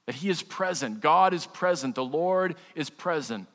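A man with a slightly high voice preaches to his congregation in a relaxed, joking way, often restarting his sentences. His voice rings out with a long reverb, as in a large church sanctuary. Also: moderate pace. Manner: conversational preaching with humor and repeated restarts. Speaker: pastor. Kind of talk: sermon.

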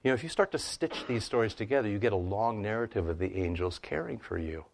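A man with a fairly low voice talks through scripture as he answers questions. He is animated and conversational, and he keeps checking in with "right?" and "you know.". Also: fast talker, gravelly. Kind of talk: conversational teaching.

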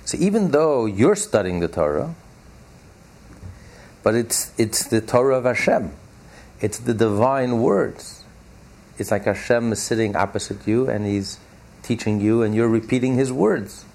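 A man teaching a religious text class, explaining emphatically and repeating key phrases slowly for stress. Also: medium pitch, animated, vocal fry, darkish tone.

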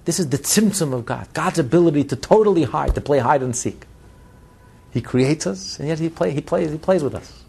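Husky-voiced man lecturing with emphasis. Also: expressive, a little fast. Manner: emphatic, repeats phrases in building runs; swings between loud stress and low, quiet asides. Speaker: Torah teacher. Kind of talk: spoken lecture on Hasidic teaching.

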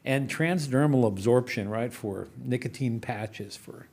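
A man guest in an interview, a business investor casually telling animated stories, chuckling and restarting his sentences as he goes. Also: mid-range voice, measured pace, creaky.

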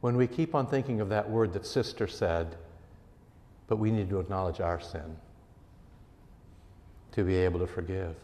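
A man, a pastor, preaching a sermon earnestly and emphatically, his voice rising and falling in loudness. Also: low voice, moderate pace, pauses often, in a large hall.

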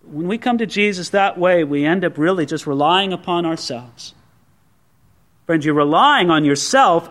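A pastor preaching a sermon in a conversational way, acting out the quoted speech of others. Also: male voice, a little high, fairly bright tone.

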